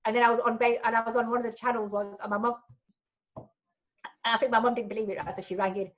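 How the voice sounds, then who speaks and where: A woman's voice: fairly high pitch, fast, highs cut off. A woman, a guest in a casual interview, telling her stories candidly and swearing freely. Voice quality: frank and animated, swears freely.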